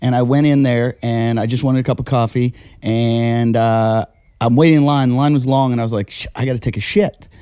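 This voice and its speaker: An American man hosting a casual talk show, telling a long story in an animated way, swearing and laughing at himself. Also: medium pitch, normal speed, clean tone, dry recording, studio quality. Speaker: podcast host. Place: house.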